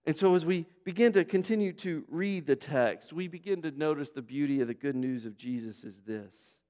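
A man's voice: on the high side, normal speed, warm tone. A man preaching a sermon as a pastor, emphatic and repetitive, piling up phrases and asking the congregation rhetorical questions. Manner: conversational asides and rhetorical questions. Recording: long reverb of a large hall.

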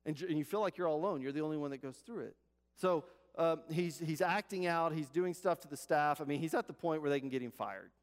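A pastor preaching an earnest, repetitive sermon, often dropping to a soft hush. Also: male voice, a little high, fast talker. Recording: long hall reverb.

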